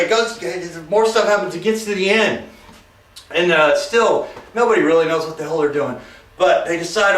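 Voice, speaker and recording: A man's voice: sits high, a bit bright. A man reviewing a movie in a rambling, jokey, sarcastic way, drifting into asides and mocking the characters. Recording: roomy echo, mic far off.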